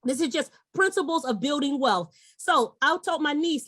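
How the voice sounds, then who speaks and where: A middle-aged woman with a high-pitched, expressive, fairly bright voice presents an investment webinar over a video call, recorded dry. Speaking at normal speed with hardly any pauses, she makes an upbeat, coaxing sales pitch straight to her audience.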